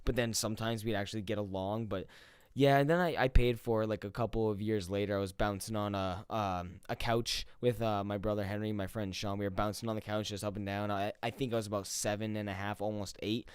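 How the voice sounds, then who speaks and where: A man's voice: fairly low pitch, fairly even intonation, brisk, smooth, no echo, studio quality. A man in his twenties telling a story to his viewers in a casual, profane, laid-back way. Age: 20s. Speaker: gaming YouTuber.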